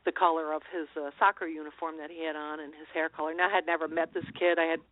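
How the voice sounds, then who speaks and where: A woman's voice: low-pitched, flat delivery, fast talker, no echo. Middle-aged woman, interview guest on the phone, earnest, meandering storyteller, tinny dry line. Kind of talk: telling personal stories in a call-in interview.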